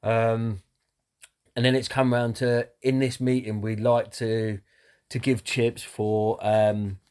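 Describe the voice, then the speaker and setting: A man's voice: medium pitch, level tone, slow pace, a little mellow, clean tone. Candid man with a middle voice. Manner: candid, earnest, swears, many fillers. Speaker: person in recovery sharing his story. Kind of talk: personal talk to camera.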